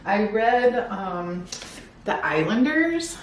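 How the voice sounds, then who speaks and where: A woman's voice: medium pitch, sing-song, drawn-out words. A woman chatting upbeat and casually about her new books from home, sometimes reading back-cover blurbs aloud. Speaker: book vlogger. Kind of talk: casual book haul chat. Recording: echoey room, faint background noise.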